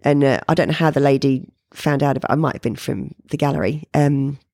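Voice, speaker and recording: Low, creaky New woman. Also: fast, no echo, studio quality. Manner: animated, jumps high when quoting people. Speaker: painter being interviewed. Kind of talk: casual storytelling interview.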